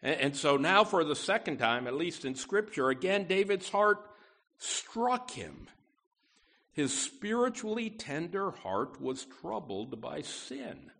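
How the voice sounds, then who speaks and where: A man's voice: fairly high pitch, big pitch swings, slow, gravelly, a bit bright. Folksy conversational preacher, a man. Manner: folksy, peppered with asides, emphatic on key words. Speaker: pastor. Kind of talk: conversational sermon.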